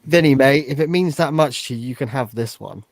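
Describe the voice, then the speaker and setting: A man's voice: mid-range voice, brisk, dry recording. A man co-hosting a casual live stream, chatty and showing off his things, calling people "mate". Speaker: podcast co-host.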